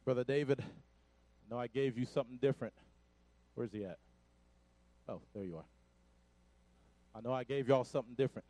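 A man preaching a Pentecostal sermon, shouting in call-and-response and dropping to quiet asides. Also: mid-range voice, moderate pace, pauses often, dry recording. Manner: breathless, drops to quiet asides. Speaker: pastor.

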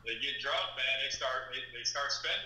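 A man's voice: mid-range voice, level tone, brisk, bright, forceful tone, echoey room, poor audio. A man co-hosting a casual trucking talk show, laid-back and mostly chiming in with short remarks.

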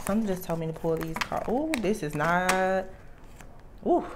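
A woman's voice: on the low side, lively intonation, moderate pace, heavy background noise. A woman giving a tarot reading to her viewers, talking earnestly and with emphasis, often restarting her sentences. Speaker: tarot reader.

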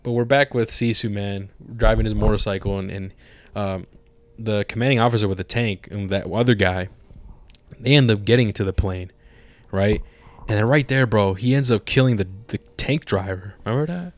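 Profane animated man reviewing a movie. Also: on the low side, normal speed, dry recording. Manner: animated, profane, acts out scenes in put-on voices. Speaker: podcast co-host. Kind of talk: casual movie review chat.

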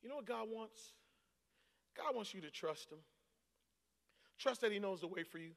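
A pastor from Boston preaching a sermon to his church, moving from quiet storytelling to shouted exhortation. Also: high voice, expressive, normal speed, gravelly, long reverb tail. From Boston, United States. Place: church auditorium.

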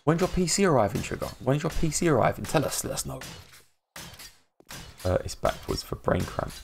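A man's voice: mid-range voice, sing-song, brisk, gravelly, a little hiss or hum. An English man hosting a casual live game stream, rambling, laughing often and greeting viewers in chat by name. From England. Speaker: livestream host.

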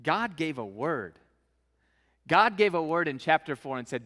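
A male preacher with a bright, forceful voice that sits a little high. He talks through his sermon in a loose, conversational way, reading scripture and slipping into slang. His voice rings out in a long hall reverb. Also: sing-song, a little slow. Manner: casual, conversational, acts out scenes in slang.

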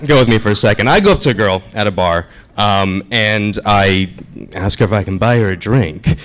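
A man's voice: lowish voice, moderate pace, a bit bright. A young man performing a stand-up set on a comedy club stage, chatty and self-deprecating with the crowd. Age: young adult.

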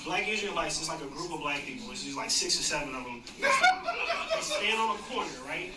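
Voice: mid-range voice, fairly quick. Stand-up comic heard from afar in an echoey club. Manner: chatty, animated storytelling with impressions. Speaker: stand-up comedian. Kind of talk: live stand-up comedy. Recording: distant, echoey club recording with loud noise.

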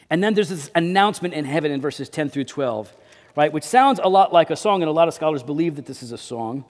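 A man preaching a sermon as pastor, with dynamic delivery that swings between loud emphasis and quiet low drops. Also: lively intonation, fast talker, long reverb tail. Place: church sanctuary.

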